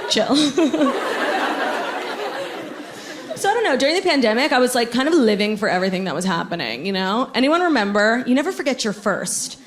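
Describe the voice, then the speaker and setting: A woman's voice: fairly high pitch, big pitch swings, moderate pace. A young woman doing a stand-up comedy set on a theatre stage, brash and self-absorbed, with dry sarcasm. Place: theatre stage before a live audience. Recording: live theatre recording with crowd laughter. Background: audience laughter.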